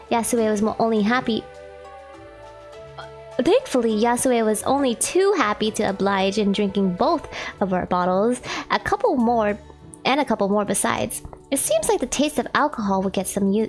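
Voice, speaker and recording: Giggly woman streamer with a slightly high voice who reads game text aloud between chatty asides, with faint music underneath. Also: a little mellow. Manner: giggly, chatty, many "like" fillers. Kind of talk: chatting and reading a visual novel aloud.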